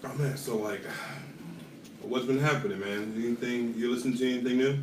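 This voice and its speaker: A man's voice: medium pitch, brisk. A man co-hosting a casual podcast, drawling and teasing while eating hot chicken. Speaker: podcast co-host. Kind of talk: casual chat. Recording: echoey room, distant mic, audible noise.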